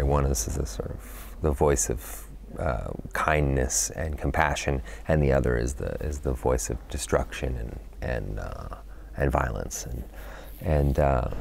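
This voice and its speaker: Very deep, gravelly-voiced man in an interview. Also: a little mellow, slight background noise. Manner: thoughtful, searching for words, frequent "you know" fillers. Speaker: actor interviewed about his film. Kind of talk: press junket interview.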